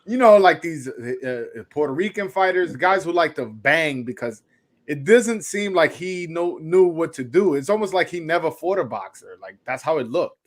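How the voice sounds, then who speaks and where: A man's voice: fairly high pitch, animated, moderate pace. A man hosting a casual boxing chat, brash and profane as he tells stories. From Brooklyn, New York. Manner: brash, loud, profane storytelling. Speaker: podcast host.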